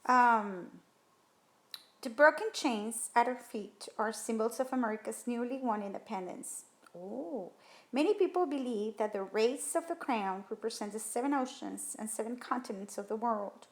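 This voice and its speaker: A woman teacher talking through writing test questions in a recorded lesson, thinking aloud and rereading sentences slowly. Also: a little high. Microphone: tablet whiteboard screen recording.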